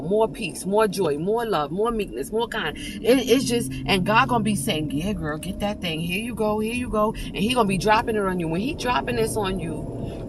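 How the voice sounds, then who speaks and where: There's background noise behind this woman's higher-leaning voice. She's a preacher sharing an encouraging message with viewers, giving an informal devotional talk that's fervent and conversational, often restarting and turning toward her listeners.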